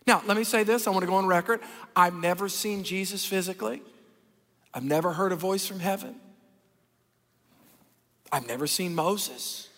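A man preaching a sermon as pastor, animated and folksy, acting out the people he talks about. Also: sits high, normal speed, pauses often. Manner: animated, folksy, acts out Bible characters. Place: large church hall. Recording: long reverb of a church hall.

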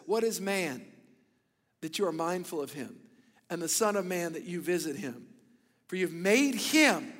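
A man in his thirties preaching a sermon, telling stories with bursts of loud emphasis and hushed, whispered asides. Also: high voice, in a large hall. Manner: animated storytelling, swings between loud emphasis and hushed whispers. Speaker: pastor.

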